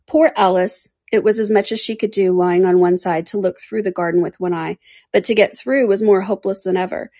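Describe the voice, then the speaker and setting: Female narrator for a storybook reading, mid-pitched, measured, dry. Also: fairly even intonation, dark tone, no echo. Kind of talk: audiobook reading.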